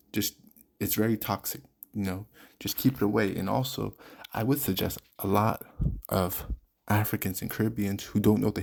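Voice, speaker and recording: A man's voice: lowish voice, vocal fry, a little mellow. A man hosting a podcast, giving blunt, candid advice straight to his listeners in a casual monologue. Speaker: podcast host.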